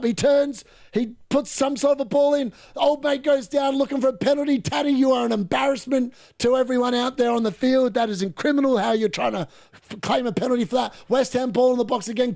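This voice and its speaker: A man calls a football match live for his viewers, loud and excitable. His voice sits high and carries a gravelly rasp. He yells at missed chances and teases the players without mercy. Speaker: watchalong streamer. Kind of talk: live match commentary and reaction.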